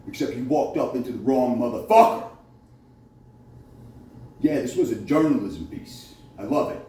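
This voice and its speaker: A man's voice: mid-range voice, warm tone. A man delivering a heated, profane, accusatory monologue to camera, recorded on a phone. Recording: very echoey room, voice far from mic, faint noise.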